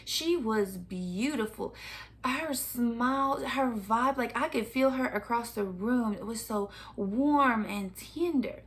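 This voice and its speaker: Woman vlogger with a slightly high voice, chatty storyteller who keeps breaking into laughter. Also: slow pace. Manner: animated, laughs often between phrases. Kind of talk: casual storytelling.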